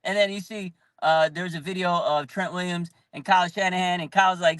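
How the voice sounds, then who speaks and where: Hyped man with a high, bright voice. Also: brisk, few pauses, no echo. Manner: hyped, animated, shouting bursts, frequent "like". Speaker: fan channel host. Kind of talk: excited live fan commentary.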